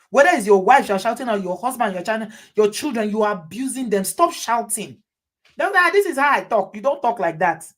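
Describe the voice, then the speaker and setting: A woman hosting, giving advice to viewers in an emphatic way and repeating her points. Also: medium pitch. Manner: emphatic, repeats phrases for effect. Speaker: host.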